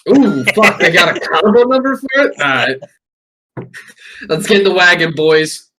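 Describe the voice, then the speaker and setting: A man's voice: high-pitched, sing-song, moderate pace, bright, forceful tone, slight background noise. A young man co-hosting a podcast, chatting casually and acting out crude quotes in jumping voices. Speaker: podcast co-host. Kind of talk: casual comedic chat.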